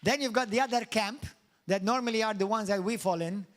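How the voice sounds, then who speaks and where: A middle-aged man from Malta preaches in a church hall, his voice sitting high for a man. He is animated and throws questions at the congregation, then climbs into playful, mocking high voices. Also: fairly quick. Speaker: pastor. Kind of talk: sermon.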